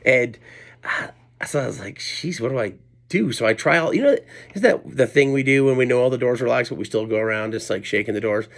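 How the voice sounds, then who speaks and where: A middle-aged man, a comedian, tells a story at home late at night in a loose, rambling way. He keeps mocking himself and wandering off into asides, and his voice sits at an ordinary middle pitch. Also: fast, creaky. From Colorado, USA. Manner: rambling and self-deprecating, with many asides and restarts. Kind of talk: casual storytelling monologue.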